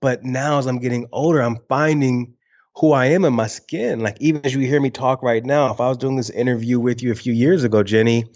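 A man's voice: medium pitch, a little fast, a little mellow, muffled recording. A man in his early forties from Michigan with a Michigan twang, talking frankly as a guest on a video call and swearing now and then. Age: early 40s. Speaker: guest, speaker and former TV host. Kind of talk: casual conversational interview.

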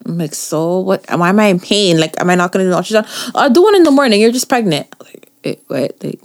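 A woman's voice: mid-range voice, lively intonation, quick pace. A young woman co-hosting a podcast, telling a story in casual chat, acting out quotes and laughing often. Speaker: podcast co-host.

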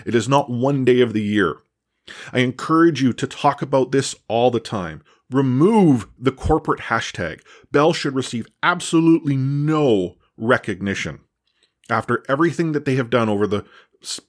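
A man hosting a podcast and giving impassioned commentary, indignant and stammering at times. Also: medium pitch. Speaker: podcast host. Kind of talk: opinion commentary.

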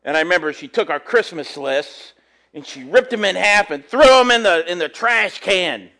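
A man with a notably high voice delivers a conversational sermon. He reads scripture aloud, then unpacks it earnestly with homely stories. He often stumbles and repeats words as he thinks aloud. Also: lively intonation, normal speed, bright, forceful tone. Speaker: preacher.

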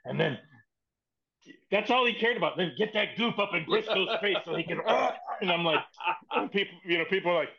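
A man with a voice pitched a bit high spins a rowdy backstage yarn as a podcast guest, swearing casually and acting out each quoted line. The recording is dull and slightly muffled. He keeps a chatty, animated storyteller's rhythm throughout. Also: brisk, vocal fry, a crowd in the background. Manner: animated, profane, acts out quoted dialogue. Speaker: podcast guest, former wrestling writer. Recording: muffled lo-fi sound.

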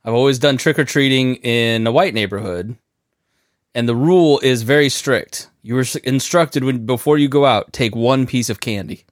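A man co-hosting a podcast, telling animated, funny anecdotes with frequent laughter. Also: medium pitch, moderate pace, no room sound, clean studio sound. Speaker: podcast co-host. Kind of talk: casual comedic chat.

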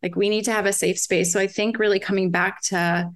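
Woman, 40s, podcast guest; candid, lively, laughs easily, mid-pitched voice. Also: fairly quick. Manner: candid, animated, laughs often, quotes herself and her kids. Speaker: guest, parent of several children. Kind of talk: conversational podcast interview.

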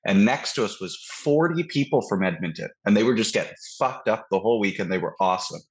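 Animated man ranting about hockey. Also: on the low side, quick pace, breathy edge. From Canada. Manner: animated, swearing, ranting with mocking mini-impressions. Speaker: podcast co-host. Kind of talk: casual sports chat.

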